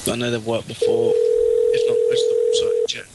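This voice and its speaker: Dude on voice chat, rambling and laughing, noisy audio. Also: male voice, mid-range voice, flat delivery, moderate pace. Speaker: friend on the call. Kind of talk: casual voice-chat banter.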